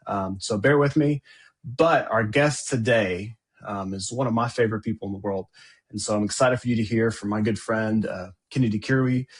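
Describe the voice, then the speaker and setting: A man hosts a casual interview, upbeat and talkative, with frequent "um"s. His voice sits mid-range with a slightly husky grain. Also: mid-range voice. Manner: upbeat and chatty, with fillers. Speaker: podcast host.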